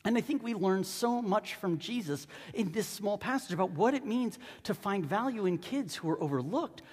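A man preaching a sermon as pastor, swinging between hushed asides and loud, fervent stretches. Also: sits high, lively intonation, normal speed, husky. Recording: long reverb of a large hall.

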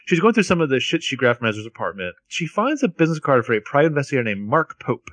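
A man's voice: medium pitch, sing-song, fast talker, fairly bright tone, no room sound. A man co-hosting a podcast, retelling a TV episode with wry, sarcastic asides. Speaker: podcast co-host. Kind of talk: casual TV recap chat.

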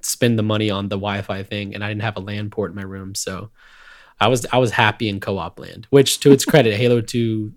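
A young man co-hosting a podcast, telling a story in a calm, rambling way with lots of fillers. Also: on the low side, a little fast. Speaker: podcast co-host. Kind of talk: casual podcast chat.

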